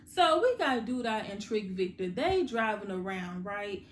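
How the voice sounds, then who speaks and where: A woman hosting a casual TV recap, chatting directly to her viewers and quickly paraphrasing what the characters said. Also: mid-range voice, sing-song. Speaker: TV recap host. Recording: roomy echo with faint background hum.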